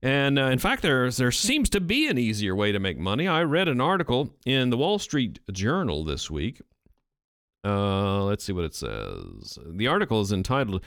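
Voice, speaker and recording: Animated man rambling into a dry studio mic. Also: medium pitch, normal speed, no echo. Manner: animated, rambling, thinks aloud. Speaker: podcast host. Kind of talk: casual solo commentary. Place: home recording studio. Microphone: studio microphone.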